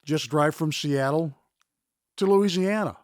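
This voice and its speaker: Measured older male news anchor. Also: on the high side, no echo, studio quality. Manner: measured, reflective. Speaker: guest, longtime news anchor. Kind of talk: thoughtful interview answers.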